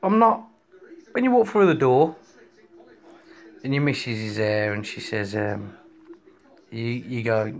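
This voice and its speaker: A man telling crude comic stories in deadpan banter. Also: mid-range voice, slow pace, vocal fry, pauses often.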